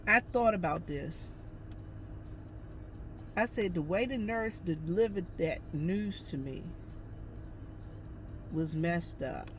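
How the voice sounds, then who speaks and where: A woman's voice: fairly low pitch, takes it slowly, pauses often, a little hiss or hum. Chatty woman telling a story. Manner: chatty, addresses viewers as y'all, lively retelling. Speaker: vlogger. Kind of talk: casual storytelling to camera.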